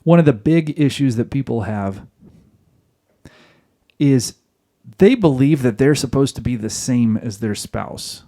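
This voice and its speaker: Unhurried and dark-toned, this medium-pitched man leaves long pauses while giving marriage advice on his podcast. He's emphatic and jokey, often acting out dialogue between two people.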